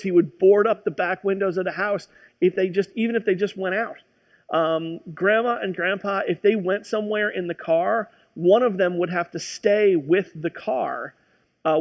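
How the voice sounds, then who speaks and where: A man's voice: high voice, dull audio. A man preaching a sermon as a pastor, telling a personal story in a conversational way with frequent restarts.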